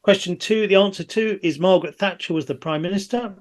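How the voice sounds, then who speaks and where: Guy running a quiz over video call, reads answers quick, bit of a joker, slightly high voice. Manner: jokey, brisk reading out answers. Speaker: quiz master.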